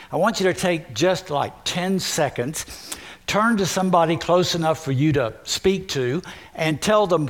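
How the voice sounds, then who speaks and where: A middle-aged male pastor preaching a folksy sermon that engages his congregation. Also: a little high.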